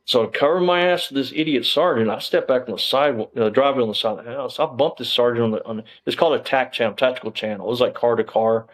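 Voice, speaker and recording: A man's voice: medium pitch, quick pace, few pauses, poor audio. A man, a former police officer telling his story in a casual interview, rambling with lots of fillers and frank swearing.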